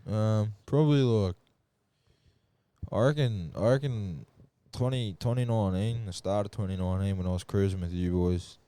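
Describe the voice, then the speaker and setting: Deep-voiced young Australian man. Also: normal speed, mellow, smooth, no room sound. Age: young adult. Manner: rambling, swearing storyteller. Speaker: podcast guest. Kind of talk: casual chat.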